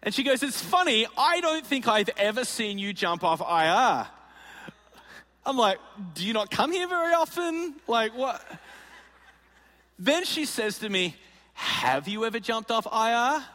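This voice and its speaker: A man's voice: very high-pitched, big pitch swings, unhurried, pushed and bright, in a large hall. A man preaching, telling a comic story and acting out the voices of the people in it. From Australia. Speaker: pastor. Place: large auditorium.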